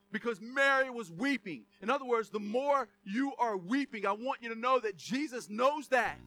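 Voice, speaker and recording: A man's voice: sits high, pushed and bright. A middle-aged man preaching a sermon in a conversational, joking way, full of asides and laughter. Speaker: pastor.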